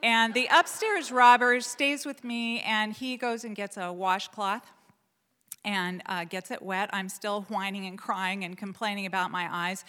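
A woman from Portland, Oregon, telling a personal story live on stage in a lively, animated way, full of fillers and restarts. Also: medium pitch, measured pace, clean tone. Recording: long hall reverb.

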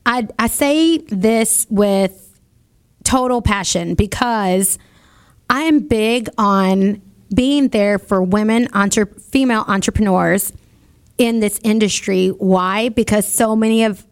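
A woman's voice: fairly high pitch, a little mellow. Upbeat, chatty woman hosting a radio show. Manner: upbeat, chatty, laughs often. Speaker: radio show host and salon owner. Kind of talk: motivational radio talk. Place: radio studio.

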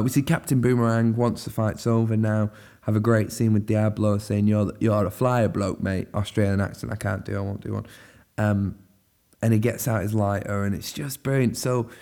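A man's voice: medium pitch, gravelly, warm tone. A man giving a casual, rambling spoken film review, full of fillers and restarts.

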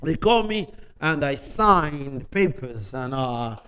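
Man preaching his testimony, broken english, goes quiet then loud, fairly high voice. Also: slow pace, clear, resonant tone, poor audio. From Africa. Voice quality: non-native English, broken grammar. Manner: animated storytelling, swings from quiet to loud. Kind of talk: sermon testimony.

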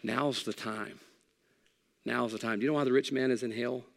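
A middle-aged male pastor preaching a sermon, conversational and emphatic, shifting from loud peaks to soft pleading. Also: mid-range voice, fairly even intonation, normal speed, gravelly, big-room sound. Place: church sanctuary.

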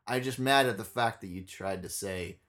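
A young man's lowish voice moves at a moderate pace as he tells a story on the casual podcast he co-hosts. He's blunt, animated and swears constantly.

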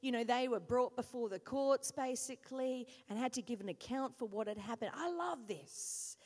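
A woman from Australia preaching in a high voice, telling stories with lively, self-mocking humor. Her words ring out with a long reverb from a church hall. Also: moderate pace. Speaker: pastor. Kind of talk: sermon.

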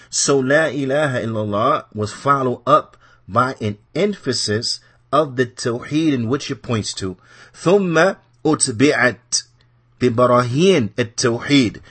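Man, husky voice, mid-pitched, religious class teacher, mosque, repeats phrases, asks himself questions. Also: a bit bright. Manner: reads short Arabic passages, then explains in English; poses "what?" questions and answers them himself.

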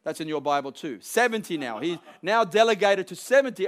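A man preaches a sermon in a rather high voice. He leans hard on key lines and swells to forceful peaks, slipping into quick acted-out voices for the people he quotes. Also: lively intonation.

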